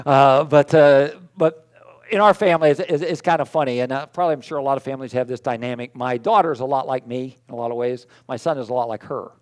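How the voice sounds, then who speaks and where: A man's voice: fairly high pitch, a little mellow. A middle-aged man preaching a conversational sermon, self-deprecating and full of fillers and restarts. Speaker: pastor.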